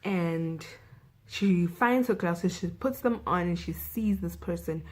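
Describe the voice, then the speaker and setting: A woman's voice: lowish voice, takes it slowly, rough recording. A young South African woman vlogger recapping a film in a chatty way, saying "like" and "you know" a lot.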